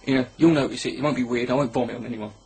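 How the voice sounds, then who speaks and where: A man's voice: mid-range voice, fairly even intonation, rapid-fire, darkish tone, a little hiss or hum. A man rambling through a crude, sarcastic comedy monologue, filming himself at home on his camera. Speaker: comedy vlogger. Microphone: camera mic.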